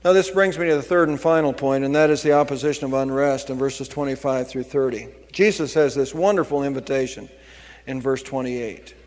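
A man's voice: medium pitch, fairly even intonation, fairly quick, a little mellow, long reverb tail. A man preaching a sermon as pastor, driving points home with emphatic repetition.

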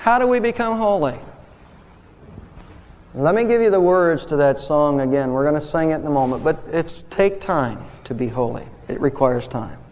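A male pastor delivers a sermon in a high, lifted voice, climbing even higher as he presses his points. His words ring out with the long reverb of a church sanctuary. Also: normal speed. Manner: impassioned preaching, voice rising on key points.

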